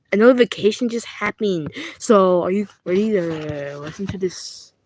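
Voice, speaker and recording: A woman's voice: medium pitch, background noise. A young woman with a British accent voices two plush toys in a playful skit at home, bickering with herself and stumbling over her words. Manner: bickering back and forth between two characters in one voice; stumbling, restarting and rambling. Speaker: puppeteer voicing plush toys.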